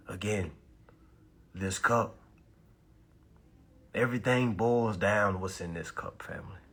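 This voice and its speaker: A man hosting a livestream class, hyping his viewers, repeating phrases and urging them to comment, then slowing to hushed, deliberate talk for key points. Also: fairly low pitch, breathy edge. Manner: drops to slow, hushed talk when stressing points. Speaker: live-stream host teaching about bills. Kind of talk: hyped social-media livestream class.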